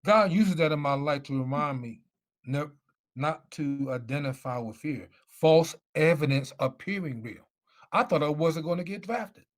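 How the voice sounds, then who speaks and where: A middle-aged former football player, appearing as a guest speaker, tells his life story. His voice is a little high and his pace measured, and he speaks emphatically, repeating himself.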